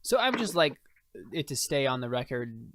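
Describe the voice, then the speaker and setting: A man's voice: mid-range voice, sing-song, normal speed, noisy background, close to an everyday voice. A man voicing Yuvana, a proud noblewoman who scolds an unwelcome guest, in a tabletop game. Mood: scolding. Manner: scolding, lecturing. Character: stern proud woman noble, annoyed.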